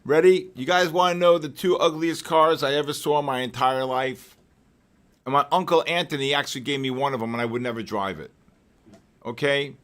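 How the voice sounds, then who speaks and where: An older man hosting a live market trading session, mixing chart talk with joking stories and loud exclamations. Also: medium pitch, fairly quick. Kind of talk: live trading commentary and casual chat.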